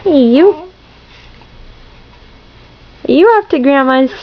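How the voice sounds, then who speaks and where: Woman, sing-song baby talk, very lively pitch, unhurried, muffled home video sound. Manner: sing-song, cooing, repeats phrases. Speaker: parent talking to a newborn.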